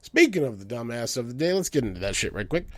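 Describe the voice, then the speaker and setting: A man hosting a show, ranting in a profane comedic way and swinging between loud outbursts and low mutters. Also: big pitch swings, quick pace, dry recording, clean studio sound. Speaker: podcast host.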